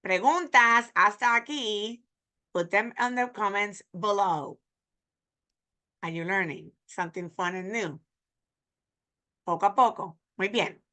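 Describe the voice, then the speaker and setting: Bright-voiced teacher, woman. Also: medium pitch. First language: Spanish. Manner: repeats phrases slowly for learners. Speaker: Spanish teacher. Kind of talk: pronunciation lesson.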